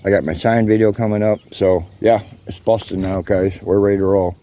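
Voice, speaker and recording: A man's voice: fairly low pitch, moderate pace, a little hiss or hum. A man vlogging outdoors in his yard, chatting casually to his viewers with lots of ums, calling them guys. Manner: relaxed, rambling, addresses viewers as guys, many ums. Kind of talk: casual chat to camera.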